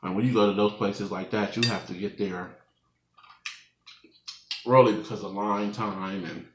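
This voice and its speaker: A man's voice: lowish voice, fairly even intonation, a little slow, long pauses, slight background noise. A man in his twenties, a mukbang vlogger telling a rambling story to his viewers at home, laughing often as he talks. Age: 20s. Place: room at home. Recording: echoey room.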